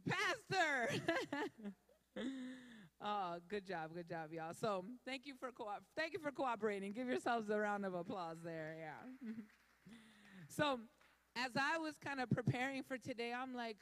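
A woman leads an interactive sermon, playfully repeating the crowd's answers back to them. Her voice is fairly high and swings widely. She talks at an unhurried pace, in a hall with a long reverb. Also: fairly bright tone. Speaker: speaker leading a church audience. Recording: echoey hall.

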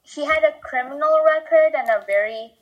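A woman's voice: high-pitched, moderate pace, dull audio. A teenage girl chatting casually on a video call, summarizing a book with lots of likes. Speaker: student presenting a book.

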